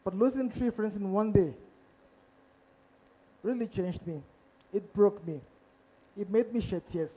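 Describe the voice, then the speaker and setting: High-pitched, mellow-toned male storyteller. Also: unhurried, pauses often, breathy edge, rough recording. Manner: dramatic, asks the audience questions directly. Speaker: investigative journalist. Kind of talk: storytelling talk on stage. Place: live event stage before an audience.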